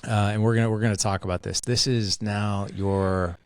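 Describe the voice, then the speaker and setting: A man's voice: on the low side, moderate pace, clear, resonant tone. Jokey man hosting a podcast. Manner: jokey, energetic, many fillers. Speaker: podcast host. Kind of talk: casual interview chat.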